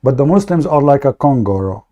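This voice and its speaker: A man's voice: medium pitch, lively intonation, a little fast, warm tone. Combative man ranting on a livestream. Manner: aggressive, mocking, insulting. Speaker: livestream host. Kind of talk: heated livestream rant.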